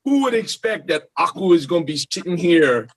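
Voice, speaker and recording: A man with a slightly high, lively voice tells a casual story at a reunion panel. He swings up and down in pitch as he acts out the people in his anecdote. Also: moderate pace, crowd noise. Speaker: actor in the film.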